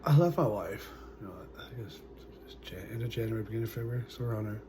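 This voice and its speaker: Halting, soft-trailing man in his forties. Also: fairly low pitch, a little hiss or hum. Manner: halting, full of "uh" and "you know", trailing off softly. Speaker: vlogger. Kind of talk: personal storytelling to camera.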